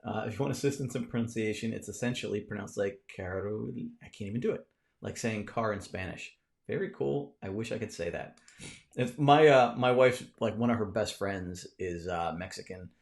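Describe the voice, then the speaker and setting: A man's voice: fairly low pitch, moderate pace, gravelly. A man, hosting a casual live stream from a cluttered home room, rambling with many restarts while he answers viewer comments.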